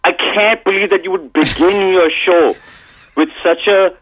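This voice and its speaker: A man's voice: high-pitched, unhurried, dull audio. A male caller ranting at the hosts of a radio show and mocking them. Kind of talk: call-in rant on a radio show.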